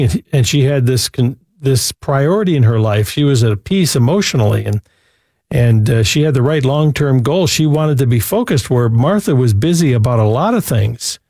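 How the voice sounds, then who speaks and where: A man's voice: mid-range voice, a little mellow, no room sound, clean studio sound. A man hosting a Christian call-in radio show, talking in an earnest, preacherly way and often repeating a word as he starts a thought. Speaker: radio talk show host.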